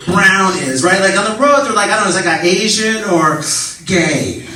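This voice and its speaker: A man doing a stand-up comedy set in a club, animated and camp, jumping into high squeaky voices for the people he quotes. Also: normal speed. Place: comedy club stage before a laughing audience. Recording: echoey club recording, distant, noisy.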